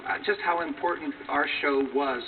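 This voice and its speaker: Chatty male actor, a bit high-pitched. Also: normal speed. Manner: earnest, chatty storyteller. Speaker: talk show guest, actor. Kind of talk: anecdote on a talk show. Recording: distant tinny TV broadcast capture, hissy.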